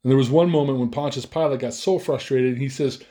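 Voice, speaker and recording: A man's voice: mid-range voice, fairly quick, mellow. A man preaching a sermon as pastor, earnest and emphatic, often repeating himself for stress.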